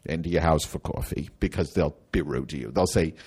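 A man's voice: extremely low pitch, a little fast, darkish tone, slightly rough. A man performing a comedic monologue as a cranky, indignant woman from Chicago, rambling and theatrical.

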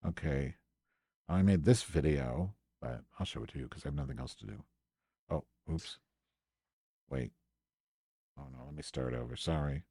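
A man's voice: a bass voice, normal speed, long pauses, dark tone, slightly rough, no echo, clean studio sound. Exasperated profane man ranting on stream. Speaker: podcast host. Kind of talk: ranting live stream commentary.

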